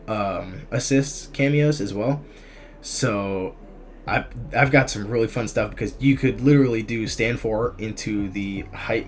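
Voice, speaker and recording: A man's voice: mid-range voice, darkish tone. A young man giving casual, chatty commentary for his gaming channel, full of ums and restarts as he ranks characters. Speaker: gaming YouTuber. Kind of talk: casual commentary on a fighting game tier list. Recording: faint music behind the voice.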